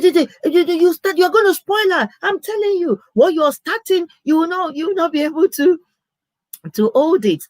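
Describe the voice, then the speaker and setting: A woman's voice: mid-range voice, no echo, rough recording. A middle-aged woman pastor telling personal stories in a live sermon, earnest and anecdotal, often restarting her sentences. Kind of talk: live sermon-style storytelling.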